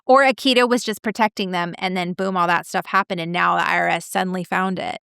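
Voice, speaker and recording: Low, gravelly woman pitching fan theories. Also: fairly even intonation, quick pace, fairly bright tone, no room sound, studio quality. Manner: eager, sharing fan theories. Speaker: podcast guest. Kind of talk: casual podcast discussion.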